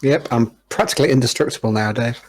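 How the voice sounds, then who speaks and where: A man's voice: medium pitch, fast talker. A man playing in a tabletop role-playing game, joking and teasing the others in a mock-boastful way. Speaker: player. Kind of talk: casual chat at a game table.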